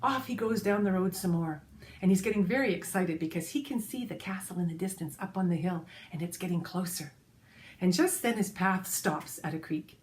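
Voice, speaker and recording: Expressive woman telling a children's tale. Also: on the low side, moderate pace. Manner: expressive, addresses listeners directly. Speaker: storyteller. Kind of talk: storytelling for children.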